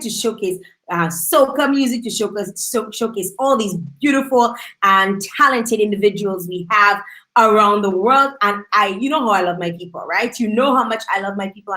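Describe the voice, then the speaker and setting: A woman hosting a live-streamed talk show, chatty and lively as she gives shout-outs to viewers. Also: medium pitch. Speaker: host.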